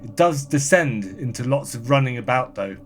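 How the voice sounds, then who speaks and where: A man appearing as a podcast guest in casual chat, reading listener comments aloud in a brisk, dry, offhand way. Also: medium pitch, expressive, faint music behind.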